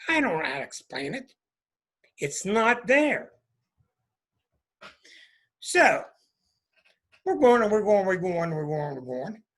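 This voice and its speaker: An astrologer who hosts his own show tells a story to a group, speaking emphatically and acting out sounds, repeating them for effect. His voice is high-pitched, a bit bright, and very animated, though he speaks slowly with long pauses.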